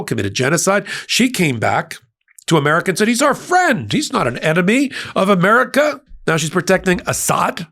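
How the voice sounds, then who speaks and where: Guy ranting about politics on his channel, gravelly voice, scornful and punchy. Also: fairly bright tone. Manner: emphatic, scornful, sweeping pitch jumps. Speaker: host of a legal-political channel. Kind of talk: political commentary monologue.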